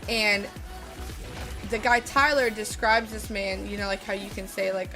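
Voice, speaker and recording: A woman's voice: mid-range voice, fairly even intonation, measured pace. A woman streamer telling a story in a rambling, casual way while she plays a game, swearing often. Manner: rambling, lots of fillers and swearing. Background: music.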